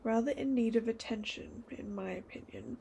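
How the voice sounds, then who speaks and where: A woman's voice: fairly high pitch, moderate pace, vocal fry, warm tone, a little hiss or hum. A woman voicing a worried male villager from a storybook, urgent and pleading. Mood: dry.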